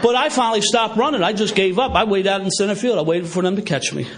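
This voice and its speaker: Animated Philadelphia man telling stories. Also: high-pitched, fast talker, noisy background. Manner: animated storytelling with a laugh in the voice. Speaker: AA speaker. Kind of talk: recovery meeting talk. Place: meeting hall with a live audience.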